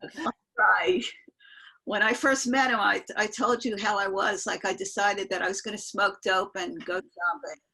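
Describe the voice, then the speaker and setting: An older woman with a bright, forceful tone and a husky edge, telling a long story on a video call. She wanders, restarts her sentences and chuckles between the lines. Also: medium pitch, moderate pace, rough recording. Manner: rambling, self-interrupting, laughs while telling. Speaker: guest storyteller. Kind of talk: casual spoken storytelling.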